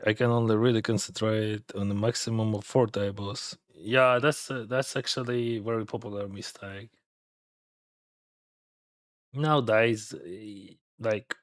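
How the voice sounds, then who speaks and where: A man's voice: mid-range voice, dry recording, studio quality. A man with a Russian accent chatting casually while playing online poker, loose with grammar and laughing often.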